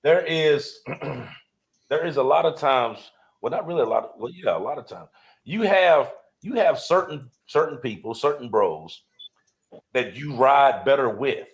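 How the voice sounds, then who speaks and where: Laid-back biker dude co-hosting, keeps saying you know what i mean. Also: male voice, mid-range voice, animated, measured pace. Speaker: podcast co-host, motorcycle club member. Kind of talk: casual podcast chat.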